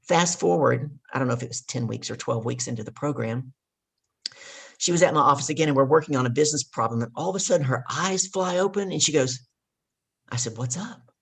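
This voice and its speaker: A woman's voice: very deep voice, brisk, gravelly, slightly rough. A woman guest and life coach telling a coaching story with energy, hammering home her key points. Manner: emphatic, repeats key points.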